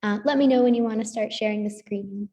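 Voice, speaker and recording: A woman host introducing a guest author, speaking in a relaxed way with frequent pauses. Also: medium pitch, in a large hall. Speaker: event host. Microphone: video call.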